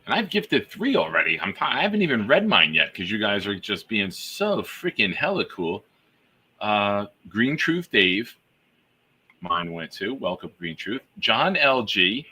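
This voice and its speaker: Hosting a live fan show, a man reads gifted memberships out to the chat, giving exuberant hype-man shout-outs. His voice is husky, on the low side, a little slow, and sing-song.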